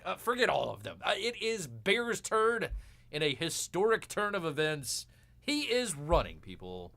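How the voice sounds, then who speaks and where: A man's voice: a little high, pushed and bright, exaggerated voice. A man putting on Bear, a folksy blustery bear. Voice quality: folksy, blustery, keeps saying "people". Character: blustery male bear character, a comedic political hopeful. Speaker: show host in character. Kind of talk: comedic in-character monologue.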